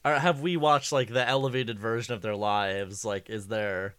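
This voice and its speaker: A man co-hosting a podcast, chatting casually about a TV episode in a rambling, wry way, thinking out loud as he goes. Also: fairly low pitch, steady tone, moderate pace, smooth, no room sound. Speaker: podcast co-host. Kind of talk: casual chat recapping a TV episode.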